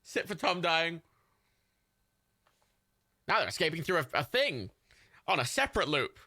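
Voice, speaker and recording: A man's voice: on the high side, very animated, unhurried, pushed and bright, no echo, clean studio sound. A man hosting a livestream, giving joking, swearing running commentary while watching a film. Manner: joking, swearing, chatty asides. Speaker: livestream host.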